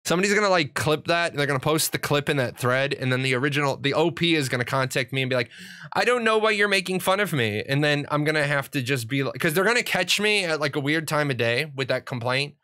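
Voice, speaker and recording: Middle-aged guy for a casual gaming stream: bright, forceful voice pitched a touch high, rambling and cussing. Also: fast talker, few pauses. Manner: rambling and profane, with frequent restarts. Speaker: streamer and gaming network owner. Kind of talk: casual livestream chat.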